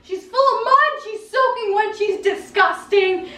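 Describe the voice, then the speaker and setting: A furious country neighbor man, loud and scolding, as a woman acts him out in a story-time vlog. He barks his complaints in a high, strained voice. The sound is roomy and a little distant. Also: a little slow, full character voice. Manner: scolding, shouting.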